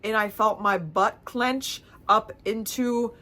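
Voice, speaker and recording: A woman's voice: medium pitch, steady tone, slow pace, sharp tone. A woman vlogger tells stories from her year in a casual, comic way. She talks chattily and pokes fun at herself. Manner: chatty, comic, self-mocking. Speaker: vlogger and theater producer. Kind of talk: casual storytelling vlog.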